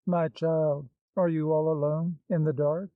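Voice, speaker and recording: A man's voice: fairly high pitch, little pitch movement, measured pace, no echo, close to an everyday voice. A man reading the part of an anxious, devoted older woman with a pleading, fretful manner, in a dull, dry recording.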